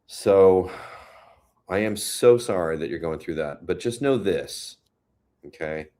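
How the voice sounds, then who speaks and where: Slow, low-voiced man hosting a live chat. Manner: chatty, reads viewer comments aloud, gentle and consoling. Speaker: host. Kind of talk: casual live-stream chat. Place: home in New York City.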